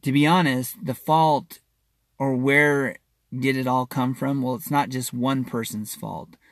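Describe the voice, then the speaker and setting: Male practitioner talking straight to his listeners. Mid-pitched, earnest and reassuring, stumbles and repeats words. Dry, close recording. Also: fairly even intonation, no room sound. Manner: halting and repetitive, often restarting and doubling words. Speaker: wellness practitioner addressing listeners. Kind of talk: casual spoken monologue to listeners.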